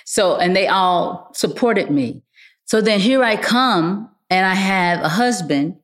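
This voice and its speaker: A woman's voice: mid-range voice, animated, slow pace. An older woman, a guest in a casual chat, telling stories animatedly and repeating phrases for emphasis.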